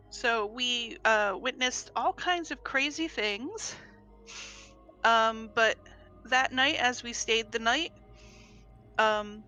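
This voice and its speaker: Slow, bright-voiced woman player. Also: a little high, lo-fi sound. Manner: polite, hesitant. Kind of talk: in-character tabletop play.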